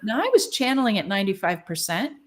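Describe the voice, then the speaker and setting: A woman's voice: medium pitch, very animated, quick pace. A woman guest in a casual interview, speaking frankly and animatedly and laughing often. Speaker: guest, spiritual channeler.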